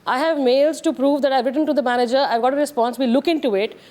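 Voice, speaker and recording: A woman with an Indian English accent gives her account as a guest on a televised debate. Her voice is high-pitched, and she sounds earnest and frustrated, stressing her points emphatically. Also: steady tone, fast talker, a little mellow.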